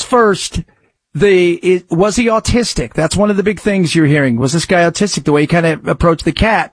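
Husky-voiced talk radio host, man. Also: fairly high pitch, no room sound, studio quality. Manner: rambling, conversational, emphatic rises. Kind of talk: casual talk radio commentary.

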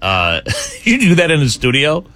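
Upbeat radio host, dry studio sound. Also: male voice, on the high side, huge pitch swings, pushed and bright, dry recording. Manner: upbeat, joking, quick questions. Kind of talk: morning radio chat.

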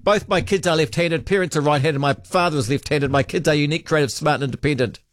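A man's voice: on the high side, quick pace, dry recording, clean studio sound. A man hosting talkback radio, chatting casually and reading out listener texts, often trailing off with hesitant ums.

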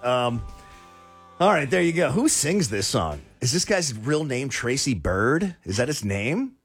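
A man's voice: mid-range voice, sing-song, unhurried, breathy edge, soft background music. A man hosting a call-in radio show, joking and self-deprecating in casual banter. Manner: chatty, self-deprecating, jokey. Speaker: radio host. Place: radio studio.

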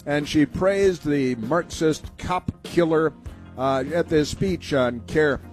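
A man's voice: a little high, slow, soft background music. A man hosting a political talk radio show, mocking and rambling with lots of fillers.

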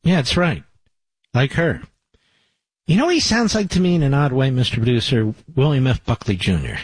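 A man's voice: medium pitch, big pitch swings, moderate pace, slightly rough, no room sound, poor audio. A man hosting a radio talk show, commenting emphatically and repeating himself as he builds indignation. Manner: emphatic, repetitive, rising indignation. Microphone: studio microphone.

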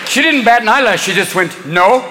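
Brash high-voiced stand-up comic. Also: male voice, animated, in a large hall, over a noisy crowd. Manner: brash, rapid-fire, jumps into voices. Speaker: stand-up comedian. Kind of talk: stand-up routine. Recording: live club audience, noisy.

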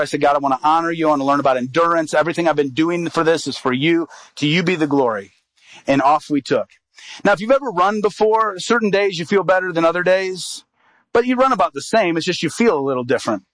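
A man with a somewhat high voice tells a personal story in a sermon. He acts out the quotes with lively, animated delivery. The sound is dry and close, with no room echo.

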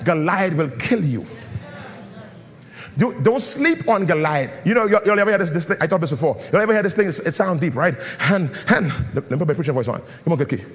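A man's voice: sits high, fairly bright tone, big-room sound. A man preaching a sermon as pastor, calling on the congregation and breaking into a chanting, sung delivery. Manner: preaching with call-and-response, swinging into a sung chant.

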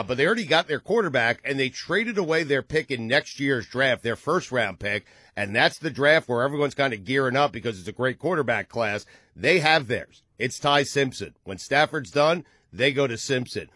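A man's voice: medium pitch, lively intonation, moderate pace, few pauses, pushed and bright, dry recording, clean studio sound. A man hosting a casual sports talk show, leading the discussion and laughing often. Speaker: sports radio host.

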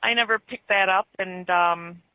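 A woman's voice: medium pitch, normal speed, no room sound, lo-fi sound. A woman calling in to a radio show, with an Upper Midwest American accent, chatting in a folksy, opinionated way. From Germany, raised in Wisconsin. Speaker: caller. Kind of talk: casual radio call-in chat.

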